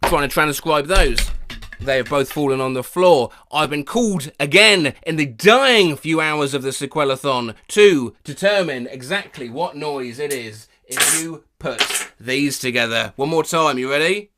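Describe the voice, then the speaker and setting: A man hosting a comic video, excitable and swearing as he tries silly sound requests. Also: a little high, unhurried, noisy background. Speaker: YouTube host. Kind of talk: comic vlog reading out viewer sound requests.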